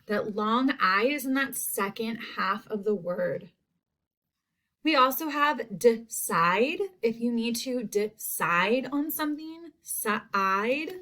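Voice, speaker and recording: A woman teacher giving a recorded spelling lesson to young students, saying each word slowly and clearly. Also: fairly high pitch, expressive, sharp tone. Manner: slow, clear word-by-word enunciation.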